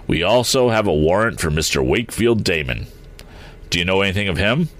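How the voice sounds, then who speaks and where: A man's voice: deep voice, lively intonation, brisk, a bit bright. A man voicing a grim middle-aged police chief in a read-aloud story, stammering at first and then firm and testy. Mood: testy, triumphant. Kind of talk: audiobook character voice.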